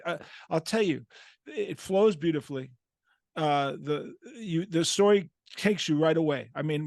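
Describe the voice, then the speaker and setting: A man's voice: on the high side, darkish tone, no room sound, clean studio sound. A man in his sixties hosting an interview, asking direct questions with open enthusiasm. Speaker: host. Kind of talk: casual interview conversation.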